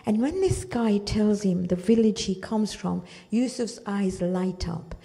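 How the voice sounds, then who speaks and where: Low-toned woman with a gravelly edge. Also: lively intonation, a little slow, mellow. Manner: storytelling, often checks in with "okay?". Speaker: Quran study teacher. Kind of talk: explanatory religious lesson.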